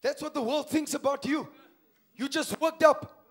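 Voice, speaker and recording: A man preaching a sermon in a church, swinging between hushed asides and shouted, impassioned lines and calling out questions to the congregation. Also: extremely high pitch, fairly even intonation, moderate pace. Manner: calls to the congregation with repeated questions.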